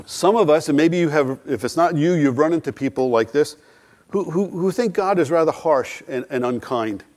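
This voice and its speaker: A middle-aged man preaches with earnest conviction. His voice sits a little high for a man, and he leans on rhetorical questions and acted-out quotations. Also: moderate pace, darkish tone. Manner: earnest, rhetorical questions, dramatic quoted dialogue. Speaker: pastor. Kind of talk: sermon.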